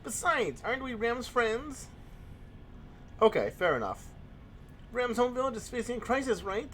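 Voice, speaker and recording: A man's voice: very high voice, sing-song, normal speed, fairly bright tone, slight background noise, voice pushed up, full character voice. A man voicing a young male adventurer hero in a whiny, raised voice while reading game dialogue. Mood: eager.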